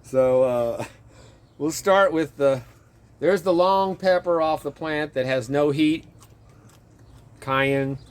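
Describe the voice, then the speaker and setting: A man casually chatting in his garden outdoors, rambling and chuckling as he talks, with a relaxed, self-interrupting way of speaking. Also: fairly high pitch, slow pace, pauses often, clear, resonant tone. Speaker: vlogger and home gardener.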